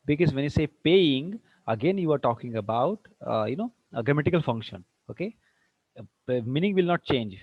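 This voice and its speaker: A man's voice: medium pitch, expressive, a little fast, slightly rough, dry recording. A man teaching English grammar to a class, quizzing the students and mixing in Hindi. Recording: dull dry classroom recording.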